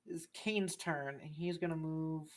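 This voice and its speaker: A game master running a tabletop game in casual chat, halting with fillers and casual swearing. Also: medium pitch.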